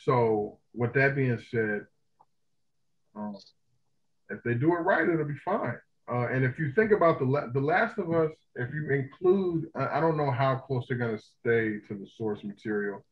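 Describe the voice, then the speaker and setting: A man co-hosting a casual pop-culture podcast, ranting heatedly and with a lot of profanity, often breaking into loud outbursts. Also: medium pitch, expressive, normal speed, highs cut off. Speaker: podcast co-host.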